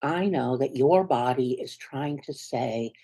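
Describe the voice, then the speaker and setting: Her bass voice a little slow, a woman minister from the United States preaches earnestly and conversationally. She frequently engages the congregation, and her tone shifts from hushed asides to sudden moments of strong emphasis.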